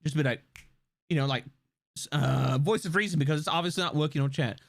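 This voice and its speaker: A man with a gravelly voice chatting casually on a live stream, talking theatrically and swinging between a bright stream voice and a low natural one. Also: fast, no room sound.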